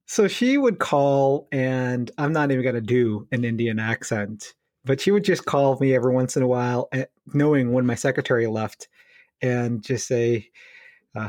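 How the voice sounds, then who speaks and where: A man co-hosts a casual podcast and tells a story with lively energy, slipping into quoted dialogue and laughing as he goes. His voice sits at a middle pitch, and the recording is dry and close, with no room echo. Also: moderate pace. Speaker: physiotherapist podcast co-host.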